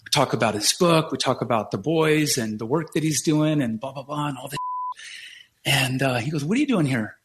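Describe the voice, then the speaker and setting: A man telling a long story on a podcast in an animated, casual way, acting out the people he quotes and swearing now and then. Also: medium pitch, normal speed, noisy background.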